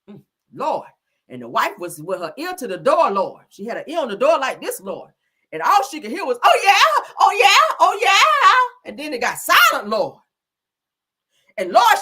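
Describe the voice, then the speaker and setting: A woman's voice: a little high, sharp tone, breathy edge. A woman hosting a livestream gossip show, telling stories theatrically and peppering them with cries of Lord and Jesus. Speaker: gossip channel host.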